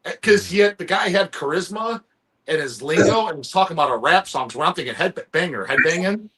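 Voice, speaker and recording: A man's voice: high voice, lively intonation, fast talker, background noise. A man hosting a casual live-stream chat, rambling and profane, often stumbling over restarts. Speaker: stream host.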